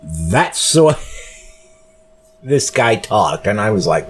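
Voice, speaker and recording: A tired man hosting a solo podcast, talking slowly and rambling with many pauses and fillers. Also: medium pitch, lively intonation, soft background music. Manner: rambling, slow, full of fillers. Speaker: podcast host. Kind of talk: casual solo podcast monologue.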